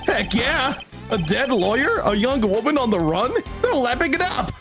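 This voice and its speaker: A cheery, nosy male reporter who teases and exclaims his way through every line, read aloud by a streamer. The pitch swings up and down in a lively way, and game music plays clearly behind him. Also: normal speed. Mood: excited. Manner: breezy, teasing, exclaiming. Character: chatty upbeat male reporter.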